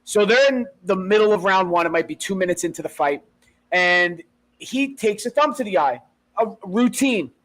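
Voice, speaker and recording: A podcast co-host with a high voice for a man, chatting casually. He tells stories with energy, swearing freely and acting out the lines of the people in them. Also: moderate pace, poor audio. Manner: animated retelling with profanity and acted-out quotes. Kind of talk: casual chat.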